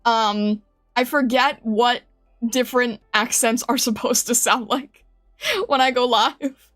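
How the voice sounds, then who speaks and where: A woman's voice: fairly high pitch, takes it slowly, fairly bright tone, soft background music. A woman streamer chatting casually with her viewers, giggling often and rambling with many restarts. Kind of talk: casual live-stream chat.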